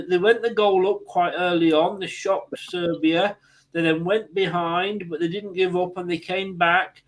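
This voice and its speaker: A high-pitched English man hosts a loose football chat. He talks easily, laughs often and restarts his sentences. The feel is relaxed banter among friends. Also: poor audio. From England. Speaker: host.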